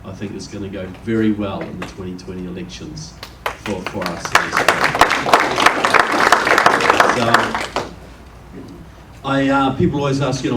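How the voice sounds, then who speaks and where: A man's voice: fairly low pitch, a little slow, long pauses, over a noisy crowd. Male guest speaker with a New Zealand accent, folksy storytelling delivery, recorded from a distance in a roomy hall with faint noise. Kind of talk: public speech to a live audience. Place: meeting room with an audience.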